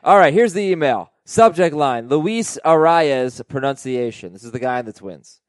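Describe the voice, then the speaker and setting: A man hosting a fantasy baseball podcast, chatting casually and reading listener emails aloud with animated delivery. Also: mid-range voice, moderate pace, dry recording. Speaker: podcast host.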